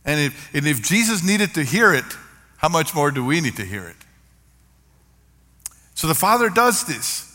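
Older male pastor, bright voice. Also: on the high side, big pitch swings, moderate pace, pauses often. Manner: earnest, varied emphasis, storytelling. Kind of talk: sermon. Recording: long reverb of a large hall.

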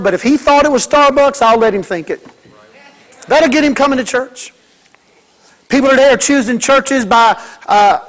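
A man preaching a sermon as pastor, folksy and joking, mimicking kids and church members. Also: very high voice.

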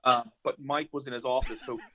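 A man's voice: medium pitch, a little fast. A young man co-hosting a podcast in casual chat, telling a story with energy, swearing freely and acting out the voices of people in it. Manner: animated storyteller, swears freely, acts out quotes. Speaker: podcast co-host. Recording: slightly dull lo-fi sound.

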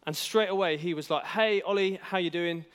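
Chatty young man with a clear, ringing voice in a hall. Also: high-pitched, normal speed. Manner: self-deprecating, chatty, with many fillers and restarts. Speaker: youth worker giving a church talk. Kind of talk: casual storytelling sermon. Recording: hall reverb.

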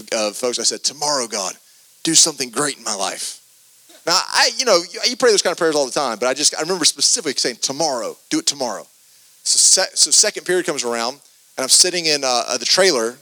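A man preaches a sermon and tells a story from his youth, delivering it with animation and many repeated starts. His voice is medium pitched, and the recording is dry.

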